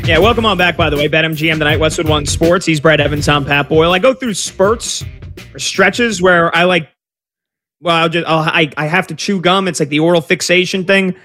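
A man's voice: a little high, fairly quick, sharp tone, soft background music. A man hosting a sports radio show, chatty and rambling, with lots of fillers. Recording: dry studio sound.

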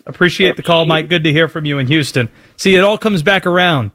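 A man's voice: fairly high pitch, expressive, quick pace, hardly any pauses, fairly bright tone. A man hosting a sports talk radio call-in show, bantering and teasing callers.

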